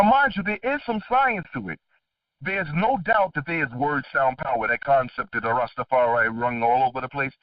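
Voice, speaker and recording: A middle-aged man hosting a podcast, talking in a casual, animated way, swearing freely and laughing between his points. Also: medium pitch, dry recording. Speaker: podcast host. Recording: dull distant lo-fi dry recording.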